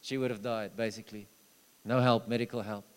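A man preaching a sermon, telling stories, with loud urging that drops to low, hushed asides. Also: steady tone, a little fast, smooth. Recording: long hall reverb.

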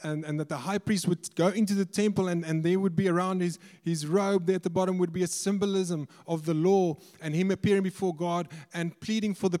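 A man's voice: high voice, warm tone. A man preaching a sermon with earnest emphasis, often repeating words as he works through a point. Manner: earnest, stumbles and repeats words when explaining. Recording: reverberant hall.

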